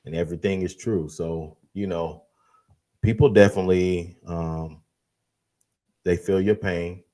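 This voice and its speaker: A man with a very deep, dark, mellow voice hosts a live-stream interview. He speaks gently and slowly, pausing often on fillers as he reads along and responds. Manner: gentle and measured, with frequent fillers. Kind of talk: live-stream interview, reading viewer comments.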